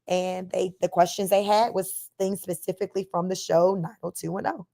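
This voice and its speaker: A woman's voice: lowish voice, normal speed, gravelly. A middle-aged woman from Northern California with a Bay Area accent and a slight Southern twang, chatting casually to a livestream and telling stories with frequent laughter. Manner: animated storytelling, laughs often, reads chat comments aloud. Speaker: livestream host.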